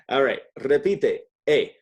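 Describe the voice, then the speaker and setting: Male tutor, mid-pitched, chatty and patient, drilling vocabulary one-on-one. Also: slightly rough, lo-fi sound. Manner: patient, chatty, models words for repetition. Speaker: Spanish teacher. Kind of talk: one-on-one language lesson.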